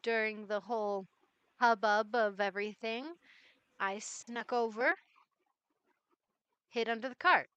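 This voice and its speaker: A woman's voice: on the high side, steady tone, unhurried, long pauses, bright, forceful tone, clear, resonant tone, dry recording, highs cut off. A woman voicing a cocky young man who plays the cool older brother, in a smug, casual drawl, in a tabletop game.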